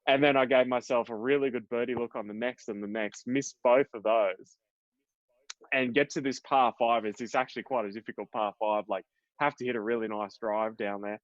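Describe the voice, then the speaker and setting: A young Australian professional golfer, guesting in a casual interview, tells rambling stories laced with fillers and swearing. His medium-pitched voice is fairly quick and fairly even in intonation. The podcast audio is dull and dry, with no room sound.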